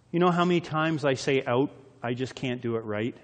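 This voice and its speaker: Expressive male preacher in an echoey hall. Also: medium pitch, moderate pace, hardly any pauses. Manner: dramatic scripture reading with lots of shifts in loudness. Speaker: pastor. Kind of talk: sermon.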